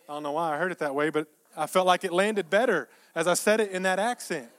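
High-voiced emphatic male preacher. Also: quick pace, few pauses. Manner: emphatic, repeats phrases, swings between soft asides and loud peaks. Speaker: pastor. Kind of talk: sermon.

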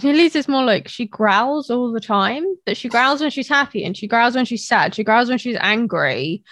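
A woman hosting a podcast in casual chat, chatty and quick to laugh, restarting sentences as she goes. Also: on the high side, expressive, a bit bright. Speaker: podcast host.

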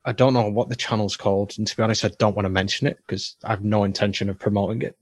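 A man's voice: lowish voice, fairly even intonation, rapid-fire, husky, dry recording. UK man, 30s, casual co-host, blunt dry wit, deadened room. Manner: sweary, blunt, dry humor. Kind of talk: casual chat.

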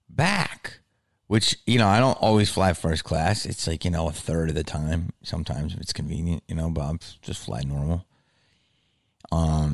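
Animated low-voiced man telling a story. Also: vocal fry. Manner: animated, swears, acts out his own reactions. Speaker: podcast host. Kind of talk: casual solo storytelling. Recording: lower-quality backup recording.

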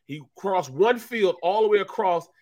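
A man co-hosting a casual sports talk show, telling locker-room stories and acting out teammates with loud, raised voices. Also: sits high, normal speed. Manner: animated storyteller who acts out teammates with loud raised voices and laughter. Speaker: co-host, former football player.

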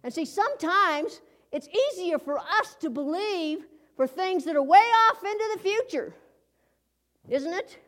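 A woman with a high voice preaches a conversational sermon. She tells it in a folksy, lively way and keeps throwing rhetorical questions at her listeners. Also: measured pace.

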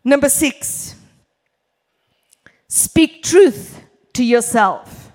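Slow, emphatic woman preacher in a reverberant hall. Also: high-pitched, expressive, a little mellow. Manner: emphatic, deliberate, addresses the congregation directly. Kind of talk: church sermon. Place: church hall.

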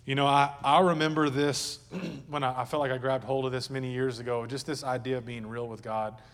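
A man's voice: mid-range voice, flat delivery, a little fast, a bit bright, in a large hall. A male pastor preaching a sermon at a church service in a conversational, joking way, with asides to the congregation.

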